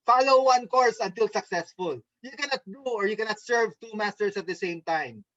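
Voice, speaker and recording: A man's voice: sits high, moderate pace, fairly bright tone, no room sound, dull audio. A man giving a motivational training talk over a video call, upbeat and coaxing, often checking in with "okay?". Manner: mimics gloomy voices to make a point. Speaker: network marketing trainer. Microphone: video call microphone.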